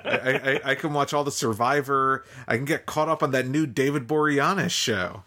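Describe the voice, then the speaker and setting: A man's voice: mid-range voice, normal speed, sharp tone. A man co-hosting a podcast in casual chat, wry and laughing often between lines. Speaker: podcast co-host.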